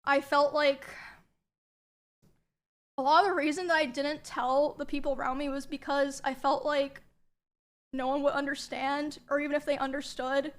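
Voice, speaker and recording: Soft, hesitant, high-voiced woman. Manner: subdued and hesitant, many ums. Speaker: streamer telling a personal story. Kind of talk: soft-spoken personal account.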